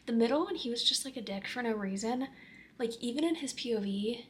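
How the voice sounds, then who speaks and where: A woman's voice: fairly high pitch, expressive, brisk. A young woman chatting casually in a book review vlog, full of fillers, sometimes dropping to a near-whisper. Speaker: book vlogger.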